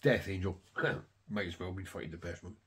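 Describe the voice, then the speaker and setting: Low, very raspy middle-aged man. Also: moderate pace, fairly bright tone. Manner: heavy swearing, rambling and enthusiastic. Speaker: record collector. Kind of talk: casual chat to camera.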